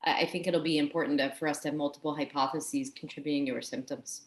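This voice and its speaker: A woman with a fairly low voice works through a clinical case, pausing with plenty of fillers. Her voice carries a roomy echo. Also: steady tone. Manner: hesitant, with many fillers. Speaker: discussant. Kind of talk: thinking aloud in a case discussion.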